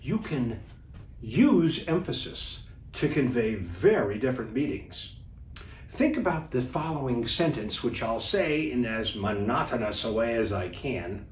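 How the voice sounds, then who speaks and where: A man coaching viewers as a communication trainer in an instructional video talk, deliberate and animated. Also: medium pitch, a little hiss or hum. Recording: echoey room, distant mic.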